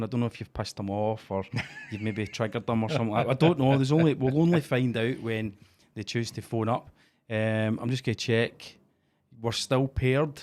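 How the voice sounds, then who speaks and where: Scottish male podcast host, chatty and laughing, mid-pitched, home studio. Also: darkish tone. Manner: chatty, laughs often, upbeat caller intros. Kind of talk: casual comedy podcast chat.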